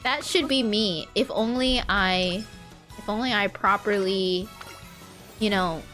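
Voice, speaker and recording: A woman's voice: mid-range voice, steady tone, slow pace, fairly bright tone, faint music behind. A woman from California chatting casually on a livestream while playing a game, rambling in loose, filler-heavy sentences and often laughing at her own stories. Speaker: VTuber streamer.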